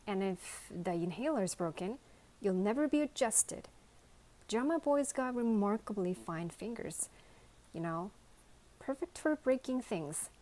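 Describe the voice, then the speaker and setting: Brief: stern male toy pig voiced by a woman, menacing, unhurried. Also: mid-range voice, lively intonation, mellow, close to an everyday voice. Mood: fierce. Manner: fierce, threatening.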